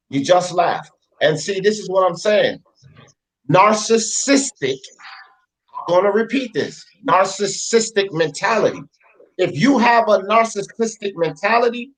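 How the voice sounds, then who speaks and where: Heated male talk-show host, high voice swinging all over, profane, hammers points home. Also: a bit bright, poor audio. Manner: fired up, repetitive, profane. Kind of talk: heated live panel rant.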